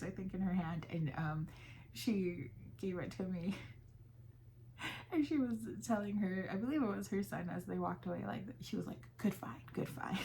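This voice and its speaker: A woman's voice: mid-range voice, vocal fry, a little mellow, a little hiss or hum. A young woman vlogging about her crochet business in a chatty, casual way, full of fillers and retold conversations. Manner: chatty, with fillers and quoted dialogue. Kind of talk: casual chat.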